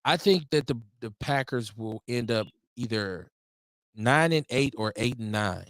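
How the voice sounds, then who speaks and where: A man hosting a casual sports talk show, speaking in a measured, halting way. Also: mid-range voice, expressive, fairly bright tone, no echo. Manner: measured, halting, with fillers and restarts. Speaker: host.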